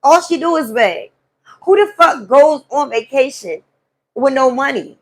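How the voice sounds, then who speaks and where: High-voiced woman venting. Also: a little slow. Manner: animated, profane storytelling to a live chat. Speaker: live stream host. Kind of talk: casual venting monologue.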